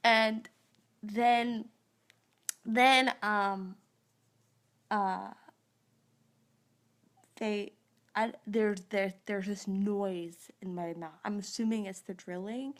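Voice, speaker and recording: A woman's voice: medium pitch, steady tone, extremely slow, pauses often. A woman in her thirties, groggy after dental surgery, telling a rambling story in a casual live stream. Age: 30s. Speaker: vlogger. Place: live stream recorded on a phone.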